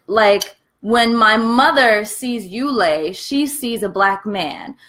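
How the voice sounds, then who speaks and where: Candid, foul-mouthed young woman vlogging. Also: fairly high pitch. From United States. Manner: candid, profane, animated storytelling; talks while eating. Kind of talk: casual vlog chat.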